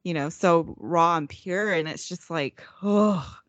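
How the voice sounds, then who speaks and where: Low-voiced hesitant woman, dry sound. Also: slow pace, no echo, lo-fi sound. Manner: hesitant, trailing off, filler-heavy. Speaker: podcast co-host. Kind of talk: casual chat.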